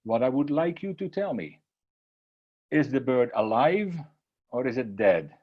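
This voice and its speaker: A man's voice: medium pitch, measured pace, muffled recording. A man doing an eager scheming boy. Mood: excited, scheming. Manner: excited, plotting.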